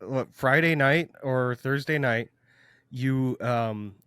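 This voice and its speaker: Animated man telling stories, dry sound. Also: mid-range voice, takes it slowly, smooth, dry recording. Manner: animated storyteller, laughs while telling. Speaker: podcast host. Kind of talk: casual chat among friends.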